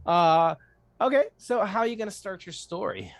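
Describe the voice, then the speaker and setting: A game master narrating a tabletop role-playing game with animated storytelling and frequent laughs. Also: medium pitch, moderate pace, dry recording.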